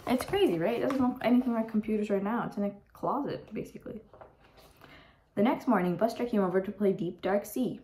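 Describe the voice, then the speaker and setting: A woman's voice: mid-range voice, brisk, a little mellow, poor audio. A teenage girl reading a picture book aloud to young listeners, giving the characters voices and adding chatty asides. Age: teens. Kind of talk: read-aloud storytime with asides.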